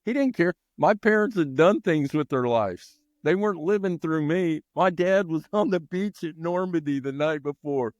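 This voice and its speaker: A middle-aged man, a longtime baseball coach and teacher, telling stories with lively energy as a podcast guest. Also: fairly high pitch, moderate pace, few pauses, no room sound, lo-fi sound. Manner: animated, energetic storyteller. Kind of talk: storytelling in a podcast interview.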